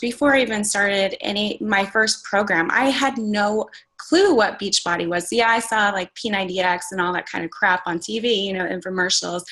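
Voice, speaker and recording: A woman's voice: mid-range voice, a bit bright, rough recording. Earnest woman giving a pep talk. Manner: earnest and fired up, lots of "like" and "you guys". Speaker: fitness coach sharing takeaways on a group call. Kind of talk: casual motivational talk. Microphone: conference call.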